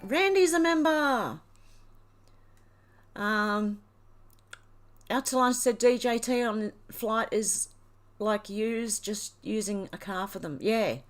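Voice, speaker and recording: A woman's voice: fairly high pitch, slow pace, long pauses. Teary woman gushing over chat. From Australia. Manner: emotional, gushing, tearful thanks. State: teary, crying. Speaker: livestream host reading chat. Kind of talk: casual livestream chat.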